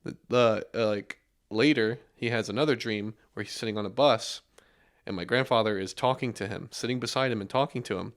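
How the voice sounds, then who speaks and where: A young man hosting a casual podcast, telling stories in a relaxed way with lots of fillers and restarts. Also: on the low side, a little fast.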